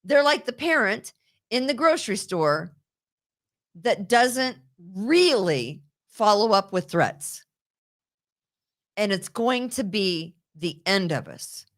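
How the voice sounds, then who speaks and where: A woman hosting a casual political talk show, animated and quick to laugh, often repeating words as she goes. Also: mid-range voice.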